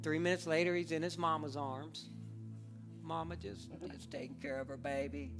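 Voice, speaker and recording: A man in his thirties preaching a sermon with passion, moving between hushed earnest stretches and fervent, near-shouted appeals. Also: fairly high pitch, steady tone, moderate pace, over music. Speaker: pastor.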